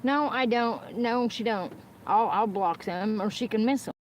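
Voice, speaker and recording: Unhurried and on the high side, a woman's voice comes from her car as she livestreams to viewers. She rants angrily without a script, swearing at the people she discusses and repeating phrases. Nearby dogs and faint background noise can be heard.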